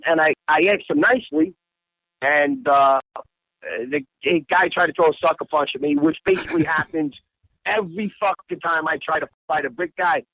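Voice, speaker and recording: A man's voice: fairly high pitch, lively intonation, normal speed, bright, forceful tone, dry recording. A man telling a rambling, profanity-laced story as a guest on a casual talk podcast. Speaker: guest, bar owner. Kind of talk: casual phone-in chat. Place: Bangkok, Thailand. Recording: dull lo-fi podcast audio.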